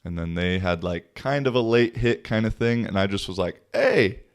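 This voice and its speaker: A man's voice: sits low, moderate pace, smooth, dry recording, studio quality. A man, hosting a casual podcast and telling a rambling story with swearing and laughs. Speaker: podcast host. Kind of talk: casual solo podcast talk.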